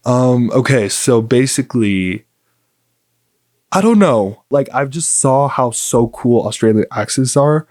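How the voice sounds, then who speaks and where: A man's voice: medium pitch, slow, pauses often, a little mellow, no echo. Chatty young man, dry close sound. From United States. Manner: rambling, filler-heavy, upbeat and chatty. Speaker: podcast host. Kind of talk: casual solo podcast chat.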